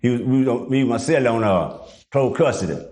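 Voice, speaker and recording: Middle-aged man, animated storyteller, profane, acts out voices, mid-pitched. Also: quick pace. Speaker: guest. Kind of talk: casual storytelling interview.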